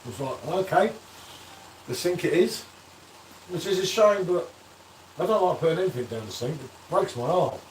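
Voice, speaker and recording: A man with a slightly high, very animated voice talks briskly as he hosts a casual live beer-review stream, bantering and reading viewer comments. The sound carries a little hiss or hum, with room echo and the mic set well away from him.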